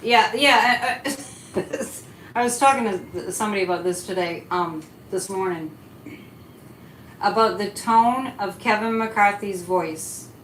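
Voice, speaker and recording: Her voice is medium in pitch, a bit bright and a little slow as this woman runs a psychic livestream, chatting with animation and replying to comments from the chat. The recording has room echo and faint noise.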